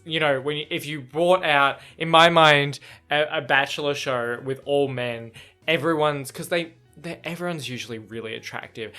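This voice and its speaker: A man's voice: mid-range voice, pushed and bright. A man chatting casually in a reaction vlog about a book chapter, rambling with lots of fillers, restarts and swearing.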